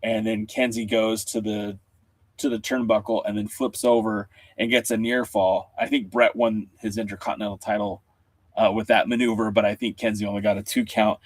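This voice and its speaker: A man's voice: on the low side, little pitch movement, normal speed, dry recording. A man co-hosting a podcast over a video call, talking casually with lots of fillers and restarts. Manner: rambling, many fillers and restarts. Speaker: podcast co-host. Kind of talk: casual chat.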